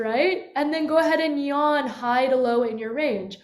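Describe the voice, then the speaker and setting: A woman voice coach guides a vocal lesson on camera, her voice a little high. She stops often to show sighs and yawning sounds. The room around her rings with a clear echo. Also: normal speed. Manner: demonstrative, swoops into yawns and sighs. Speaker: voice teacher. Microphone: webcam. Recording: echoey room.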